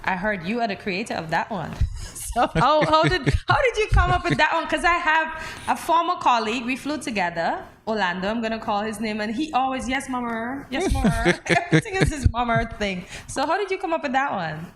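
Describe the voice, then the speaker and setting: Woman, morning show co-host, high lively voice, affirming, laughs often. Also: fairly quick, a little hiss or hum. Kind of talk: morning talk show hosting.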